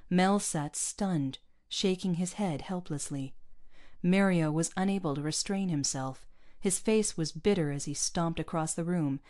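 Low-voiced woman narrating a story. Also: darkish tone. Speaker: audiobook narrator. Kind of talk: scripted narration.

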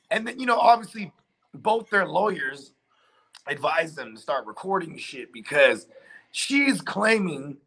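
A man's voice: fairly high pitch, vocal fry, pushed and bright, slightly rough. A man hosting a casual chat, telling a long story loosely with lots of fillers and swearing. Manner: rambling storyteller, heavy filler and profanity.

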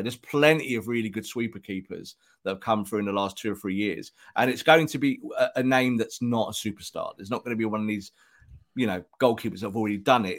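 A man co-hosting a casual football podcast, talking on a microphone and often putting on quick voices for imagined remarks. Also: on the low side. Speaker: podcast co-host.

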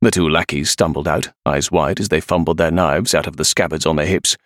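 A man narrating an adventure story in an expressive, animated way. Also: very deep voice, fairly quick, no room sound, clean studio sound. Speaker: audiobook narrator. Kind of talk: scripted narration.

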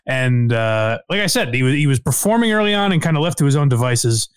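A man hosting a podcast in casual chat, hesitant, with many fillers and sudden upward pitch jumps. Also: animated, a little fast, clear, resonant tone, no echo. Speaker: podcast host.

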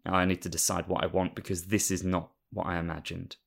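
A man's voice: deep voice, level tone, a little fast, vocal fry, husky, heavily acted. A tired, fed-up wife, read by a man. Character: weary, fed-up middle-aged wife.

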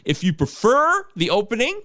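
A man in casual chat as a podcast host, jokey and animated. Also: normal speed, no echo, clean studio sound. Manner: animated, jokey, swoops up in pitch.

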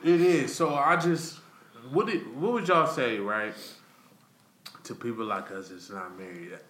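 A man's voice: mid-range voice, measured pace, reverberant. A man hosting a podcast, telling stories in casual, profane, laughing chat in a hotel suite. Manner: animated, profane, laughing storyteller. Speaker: podcast host.

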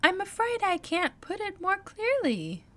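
A polite, bewildered young girl, voiced by a woman in a read-aloud storybook. The voice is very high and swoops up and down, shy and earnest, with her words stretched out slowly. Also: wildly swooping pitch, fairly bright tone, slight background noise, heavily acted. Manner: polite, shy, sometimes flustered.

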